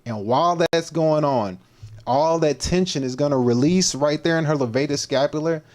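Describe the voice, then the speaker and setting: A man's voice: a little high, normal speed, darkish tone. Joking man hosting a livestream. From Texas. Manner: playful, repetitive, laid-back slang. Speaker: fitness coach, livestream host.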